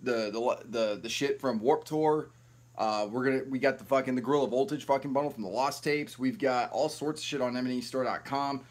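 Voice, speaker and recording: A man hosting a live stream, ranting in a rambling, profane, heated way. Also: medium pitch.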